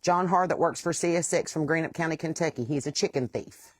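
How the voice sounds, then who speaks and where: A woman's voice: low voice, brisk, dry recording. Blunt West Virginian woman. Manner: blunt, plain-spoken and aggravated. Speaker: host. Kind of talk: casual monologue.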